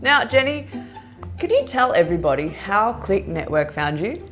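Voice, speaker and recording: A woman's voice: medium pitch, big pitch swings, moderate pace, over music. A woman hosting her own show from a green screen studio, bubbly and teasing in scripted comedic delivery. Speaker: host of a hacks show. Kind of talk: scripted comedic vlog presenting.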